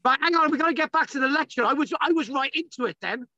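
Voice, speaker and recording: A man's voice: very high-pitched, animated, fast talker, pushed and bright, no room sound, highs cut off. A man giving a casual online lecture, exasperated and bantering, swearing often.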